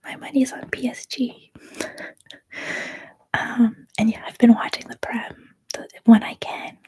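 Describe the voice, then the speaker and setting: A Canadian woman in her thirties, whispering a soft-spoken, rambling ASMR livestream chat. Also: a little high, level tone, unhurried, breathy edge. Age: 30s. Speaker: ASMR streamer.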